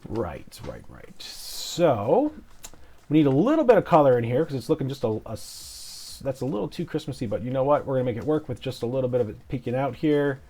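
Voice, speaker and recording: A man's voice: mid-range voice, very animated, a little fast, dark tone. Mumbling, joking man streaming a game. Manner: mumbling, swearing, self-deprecating jokes. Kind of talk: casual gameplay commentary. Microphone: clip-on mic.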